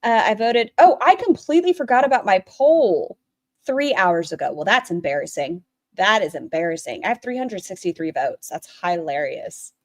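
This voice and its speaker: A woman hosting a live stream, reacting to clips with blunt, sarcastic commentary and plenty of swearing. Her voice sits at an ordinary pitch and is recorded dry and close, with no room echo. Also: very animated, normal speed.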